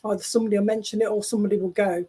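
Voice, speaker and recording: A woman working as a spiritualist medium, relaying spirit messages over a video call in a chatty, halting, reassuring way. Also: mid-range voice, steady tone, warm tone, husky.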